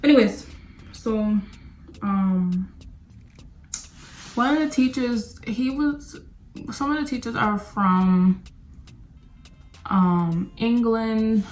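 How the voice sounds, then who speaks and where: A young woman, telling a rambling, animated storytime while doing her makeup for a beauty vlog. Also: mid-range voice. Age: young adult. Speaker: beauty vlogger. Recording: echoey room.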